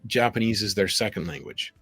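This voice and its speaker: Animated man telling stories on a call. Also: lowish voice, brisk, breathy edge, soft background music. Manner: animated, quotes people in little voices. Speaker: guest. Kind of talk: conversational storytelling. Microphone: video call.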